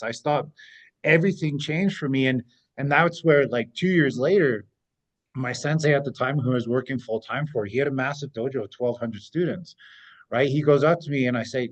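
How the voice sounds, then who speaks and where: A man's voice: medium pitch, moderate pace. Storytelling man with a dull recording. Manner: storytelling, often tags phrases with "right?". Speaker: host, self-defense coach. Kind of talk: casual podcast conversation.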